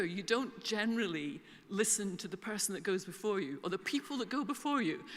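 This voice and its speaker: A woman's voice: lowish voice, a bit bright. A Scottish woman in her sixties giving a conference keynote speech, chatty and full of humorous asides. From Scotland. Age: 60s. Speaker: keynote speaker. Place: concert hall conference centre. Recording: long reverb of a concert hall conference centre.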